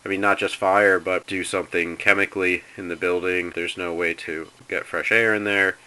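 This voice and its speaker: A man's voice: low voice, little pitch movement, normal speed, sharp tone, slight background noise, rough recording. A man calling as a concerned citizen, asking careful, persistent questions about building safety. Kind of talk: phone inquiry.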